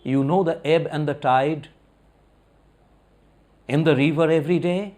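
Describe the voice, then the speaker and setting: A man's voice: on the high side, steady tone, a little slow, a little mellow, natural voice. A man voicing a haughty, condescending scholar who quizzes and mocks a boatman in a spoken story. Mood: lecturing. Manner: condescending, lecturing questions. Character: haughty, mocking male scholar.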